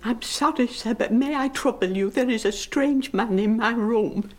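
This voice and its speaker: Actress doing a high little confused old mum, lost and fretting, talking in rhyme. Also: female voice, moderate pace, darkish tone, close to an everyday voice. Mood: fretful. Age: older. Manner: fretful, rhymed comic verse. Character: confused, wandering old mother with memory loss.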